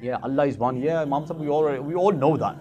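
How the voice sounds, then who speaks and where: Impassioned imam preaching, fairly high voice. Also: male voice, quick pace, muffled recording, over music. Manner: impassioned, addresses listeners directly with rhetorical questions. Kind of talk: sermon.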